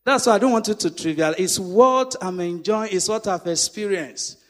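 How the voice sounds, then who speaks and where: A middle-aged male pastor preaching a sermon, calling on the congregation to repeat after him and rising to shouts. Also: high-pitched, moderate pace. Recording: echoey hall.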